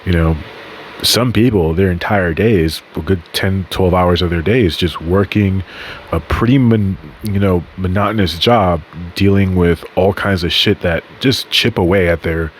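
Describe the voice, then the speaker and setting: Very low-voiced swearing podcast host. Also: male voice, moderate pace, a little hiss or hum. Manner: rambling, swears casually, self-correcting. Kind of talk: casual monologue.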